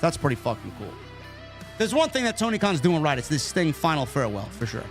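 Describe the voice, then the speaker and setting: This New York host of a casual wrestling review show has a slightly high voice and talks fast, with soft music in the background. Between super chats, he delivers blunt rants full of swearing and energy.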